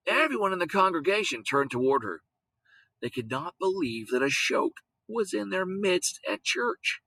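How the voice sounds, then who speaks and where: A man narrating a storybook aloud in an expressive way. His voice is bright and swings freely in pitch. The recording is close and dry, with no room sound. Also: normal speed, no echo, poor audio. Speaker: audiobook reader.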